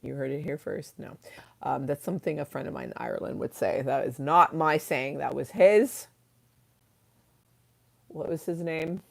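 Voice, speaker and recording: A woman's voice: low-pitched, moderate pace, vocal fry, long pauses. A woman hosting a casual livestream, chatting freely with viewers, swearing and laughing at her own stories. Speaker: livestream host reading chat.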